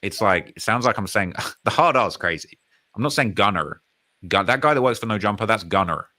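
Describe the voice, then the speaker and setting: A man's voice: fairly low pitch, brisk. A British man hosting a live stream, commenting casually and emphatically on rap news and reading out chat comments. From United Kingdom. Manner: animated, emphatic, repeats phrases, reads comments aloud.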